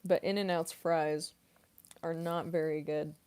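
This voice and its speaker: Young woman streamer, somewhat low voice, unhurried, laid-back Q&A chatter. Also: clear, resonant tone. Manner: relaxed and rambling, many fillers, laughs often, eating while talking. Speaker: streamer and voice actress. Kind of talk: casual stream Q&A chat.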